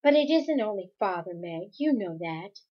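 A woman voicing a precocious little boy, earnest and measured. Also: medium pitch, expressive, highs cut off, lightly acted. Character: small boy, precocious and earnest, later eerily flat.

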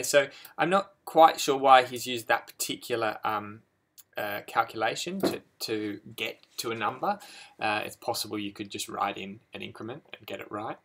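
Brief: male coding tutor, gravelly fry, bright tone, halting delivery full of ums. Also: on the low side. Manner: hesitant, many ums and restarts. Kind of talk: screen-recorded code walkthrough.

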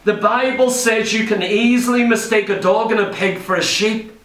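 A man's voice: high voice, steady tone, normal speed, a bit bright. A man preaching a sermon to a congregation. He speaks emphatically, fires off rhetorical questions and acts out the voices of the people he quotes. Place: church hall. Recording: echoey church hall, voice from far off.

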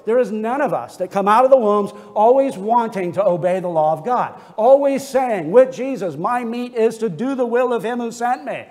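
A man with a notably high voice preaches an expository sermon with earnest conviction. His words ring out with a long reverberant tail, as in a church sanctuary. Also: expressive, moderate pace, few pauses, darkish tone. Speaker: pastor.

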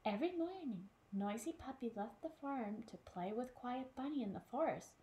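A woman who is a children's librarian, reading a picture book aloud in an animated way and asking questions of a child listener. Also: on the high side, moderate pace.

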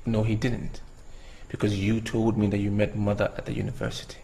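A gravelly-voiced defiant son. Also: male voice, fairly low pitch, completely flat delivery, fairly quick, mellow, rough recording. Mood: earnest. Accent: Nigerian. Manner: earnest, questioning. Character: grown son defying his father.

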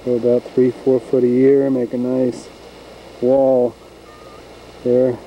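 A man's voice: mid-range voice, monotone, slow, dull audio, a little hiss or hum. A man narrating casually as he films his farm outdoors on a handheld camcorder, folksy and rambling. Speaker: home video maker. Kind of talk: casual narration while filming. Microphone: handheld camcorder mic.

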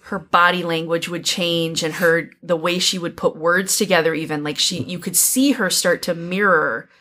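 A woman co-hosting a podcast, chatting animatedly about a movie and acting out lines from it. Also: lowish voice. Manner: animated, quick restarts, quotes characters. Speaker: podcast co-host. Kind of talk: casual movie discussion.

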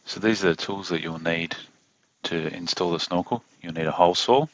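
A man with an Australian accent giving a casual step-by-step car install tutorial as a voiceover, in a self-described monotone with plenty of fillers. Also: low-pitched, dry recording, muffled recording. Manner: monotone, plain and unhurried, with fillers. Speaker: DIY car install host. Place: home studio voiceover.

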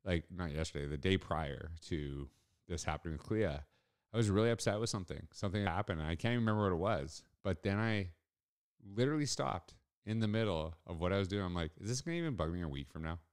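A man's voice: low voice, a little fast, clean tone. A middle-aged man hosting a solo podcast, telling a story in an earnest, reflective way. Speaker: podcast host.

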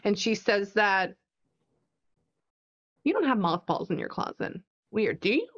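A woman psychic medium in a casual one-on-one reading, chatty and animated as she retells what she hears. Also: mid-range voice, measured pace, dull audio.

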